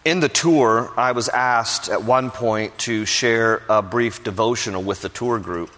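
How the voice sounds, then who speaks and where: A male pastor preaches in a mid-range voice that is bright and forceful, pacing himself a little slowly. He tells stories and takes on the voices of people he quotes, with a big hall's long reverb around him.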